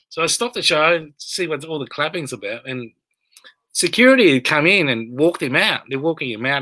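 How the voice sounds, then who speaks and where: A man telling stories as a comedian guest on a video call, rambling and animated, shouting out quoted lines. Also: on the high side, noisy background. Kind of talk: casual interview storytelling.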